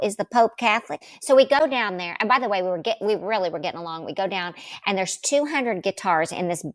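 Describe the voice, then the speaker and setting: Woman, middle-aged, animated storytelling, acts out quotes, dry sound. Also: no echo. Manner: lively, acts out quotes with big pitch jumps. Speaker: guest.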